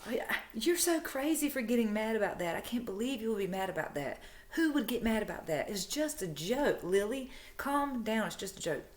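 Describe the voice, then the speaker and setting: A woman recounting the words of a pushy man who keeps insisting everything is fine. He plays it off as a joke and won't take no for an answer. The voice sits a little higher than her own. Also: big pitch swings, normal speed, few pauses. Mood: dismissive. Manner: coaxing, dismissive, insistent. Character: pushy male co-worker, falsely playful. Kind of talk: quoted dialogue in a spoken story.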